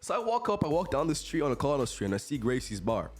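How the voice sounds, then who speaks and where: An eighteen-year-old man hosting a podcast, telling stories from college in a chatty, animated way and laughing often. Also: fairly high pitch, fast talker, husky, faint music behind. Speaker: podcast host, college student. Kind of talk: casual storytelling.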